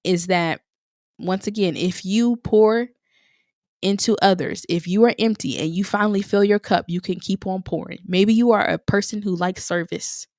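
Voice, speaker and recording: A woman's voice: medium pitch, normal speed, darkish tone, no room sound, clean studio sound. A young woman hosting a podcast on her own, talking in an encouraging way and repeating phrases for emphasis. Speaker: podcast host. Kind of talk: motivational solo podcast talk.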